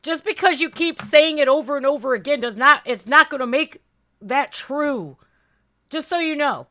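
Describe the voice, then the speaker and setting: Lady reacting to clips, heated and fed up, high bright voice. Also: lively intonation, moderate pace. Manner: exasperated, heated. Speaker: reaction video host.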